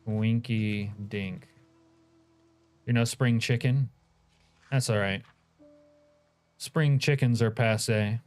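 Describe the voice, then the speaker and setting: A man's voice: mid-range voice, fairly even intonation, slow, pauses often, soft background music. A man streaming a game, chatting casually and joking as he reacts to his chat.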